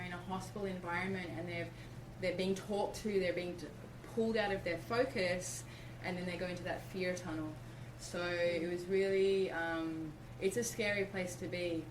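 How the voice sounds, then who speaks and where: A middle-aged woman from Australia telling a personal story in an interview, animated and acting out what people said. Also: lowish voice, normal speed, few pauses. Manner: animated, acts out quoted speech. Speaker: interview guest. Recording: roomy, distant mic, background noise.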